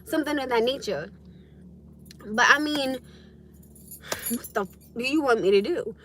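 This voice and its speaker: Woman, livestream host, high voice, sharp tone, blunt, animated, swears freely. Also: moderate pace, a little hiss or hum. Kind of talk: casual livestream venting to viewers.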